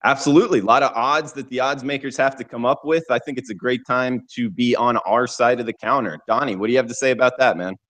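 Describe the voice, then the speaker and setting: A man's voice: mid-range voice, quick pace, hardly any pauses, fairly bright tone. Easygoing male betting-show host. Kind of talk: casual show hosting.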